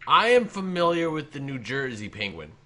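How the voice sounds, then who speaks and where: A man co-hosting an improvised comedy show, tossing in deadpan comebacks. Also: mid-range voice, moderate pace, crowd noise. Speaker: co-host.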